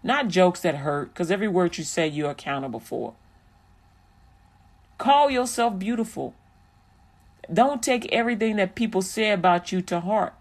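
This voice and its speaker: A vlogger giving preachy, sermon-like encouragement, repeating phrases and slowing down to stretch out key lines. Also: mid-range voice, animated. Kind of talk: preachy inspirational commentary.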